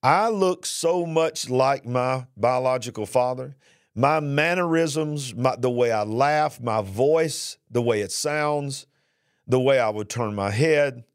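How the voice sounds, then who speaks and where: A middle-aged man giving an earnest personal testimony about his past, retelling it slowly and with feeling. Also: medium pitch, clear, resonant tone, dry recording, clean studio sound. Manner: earnest, drawn-out emotional retelling. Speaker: speaker sharing his life story.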